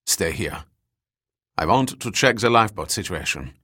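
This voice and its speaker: A man's voice: low voice, expressive, normal speed, sharp tone, slightly rough, no echo, studio quality, full character voice. A man voicing a blunt, alarmed wartime passenger. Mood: urgent. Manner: urgent, blunt.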